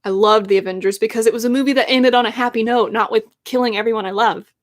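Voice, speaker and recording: A woman's voice: fairly high pitch, fairly even intonation, fast talker. A young adult woman who is a YouTuber, chatting casually and emotionally on a live stream in a rambling way. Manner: emotional, rambling fan talk.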